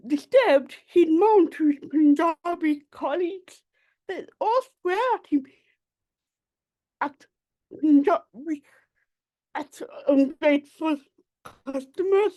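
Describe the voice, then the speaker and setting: A woman from the Black Country in England, reading her own poems in a measured, deliberate way over a video call. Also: sits high, lively intonation, dark tone. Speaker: poet. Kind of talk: poetry reading.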